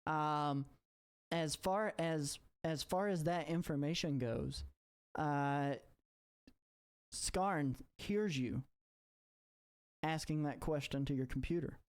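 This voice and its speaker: Game master, halting narration, mid pitch, repeats words. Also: smooth.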